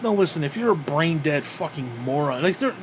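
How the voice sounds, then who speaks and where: A man's voice: fairly high pitch, lively intonation, fairly quick, a little hiss or hum. A man ranting in a wrestling review, profane and exasperated, with frequent sighs.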